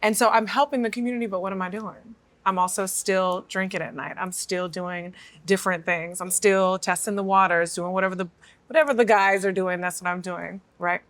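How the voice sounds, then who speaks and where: A woman as an interview guest, telling her story in an animated, emotional way and acting out the voices of people she quotes. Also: mid-range voice, fairly quick, dry recording.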